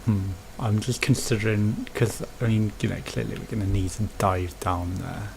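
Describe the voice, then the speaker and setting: A let's play host with a Birmingham accent chats and rambles, thinking aloud as he plays a video game. His voice is fairly low, gravelly and darkish, with fairly even intonation and a normal speed. The audio is poor, with a little hiss or hum.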